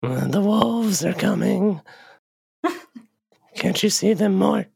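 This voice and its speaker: A man's voice: high-pitched, animated, takes it slowly, a little mellow, no echo, studio quality, full character voice. A man voicing an odd, childlike creature that eats metal and rocks, with a simple, bashful, blurting manner in a tabletop roleplay. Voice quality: creaky, raspy voice. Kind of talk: actual-play roleplay.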